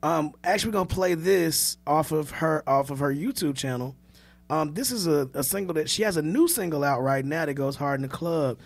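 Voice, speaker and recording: Gravelly man hosting a podcast. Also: fairly high pitch, brisk, no room sound. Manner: rambling, filler-heavy sign-off. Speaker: podcast host. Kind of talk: casual chat.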